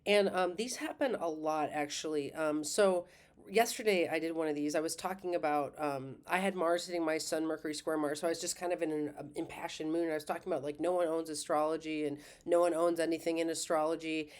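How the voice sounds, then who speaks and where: A woman's voice: low-pitched, steady tone, fairly quick, darkish tone. A middle-aged woman astrologer talking casually, rambling with many fillers, restarts and laughs. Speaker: astrologer and school host. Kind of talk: casual monologue.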